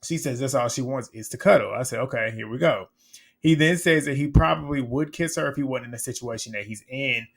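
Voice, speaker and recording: A man recapping a reality dating show in casual commentary, blunt and animated, laughing often. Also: mid-range voice, fast talker, creaky, few pauses.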